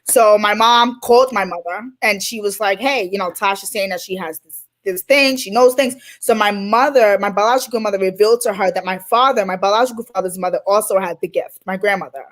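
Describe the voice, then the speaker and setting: A woman from Queens, New York, a guest life coach telling animated stories in an interview and acting out the dialogue. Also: medium pitch, brisk. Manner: animated, acts out quoted dialogue. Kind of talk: storytelling in an interview.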